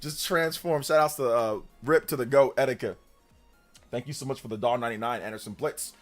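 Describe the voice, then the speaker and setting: Male streamer, lively pitch swings, casual chat, faint music underneath. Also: fairly quick. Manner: animated, reads chat aloud, laughs often. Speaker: livestream host.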